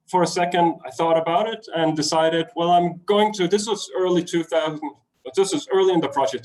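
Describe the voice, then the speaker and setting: A man's voice: fairly high pitch, poor audio. A man from Denmark with a Danish accent, telling a travel story in a web talk and acting out the voices of people in it. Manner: animated, acts out voices in his story. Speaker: travel speaker. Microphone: webinar computer mic.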